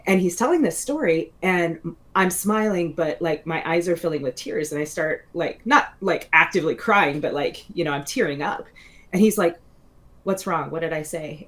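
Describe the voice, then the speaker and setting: During a casual interview, a forties-aged woman who is a guest author tells meandering stories full of fillers and restarts, laughing frequently. Her voice is on the low side with a fairly bright tone, at normal speed.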